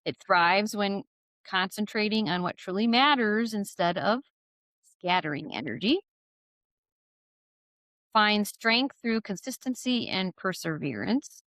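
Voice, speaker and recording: With a mid-range voice and a measured pace full of pauses, a woman hosts a podcast interview in a conversational style, recorded with no echo. She's animated and often raises her voice to act out quotes.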